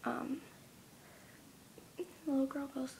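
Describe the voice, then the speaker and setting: A young woman in her teens retelling a story in a casual vlog, speaking softly and often near a whisper, with many ums. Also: high voice, steady tone, takes it slowly, vocal fry, slight background noise. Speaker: vlogger.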